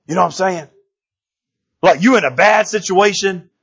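A male pastor preaches in an animated, conversational way, often turning to the congregation to ask if they follow him. His voice sits unusually high for a man and has a husky edge. The recording sounds muffled and lo-fi. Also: normal speed. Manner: animated, talks straight to the congregation, often asks "you know what I'm saying?". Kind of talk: conversational sermon.

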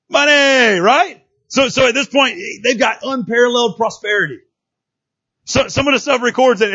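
A man preaching a sermon in a conversational, animated way, often restarting his words. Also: high-pitched, slightly rough, highs cut off. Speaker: pastor.

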